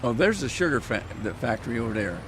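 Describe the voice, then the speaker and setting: A man chatting his way through a farming game stream, teasing his viewers and laughing at his own mistakes. His voice sits at an ordinary middle pitch, with a faint hiss of noise behind it. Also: sing-song, fast talker. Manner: chatty, self-mocking, talks to chat, hums while playing. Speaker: livestream gamer. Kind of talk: casual gaming livestream commentary.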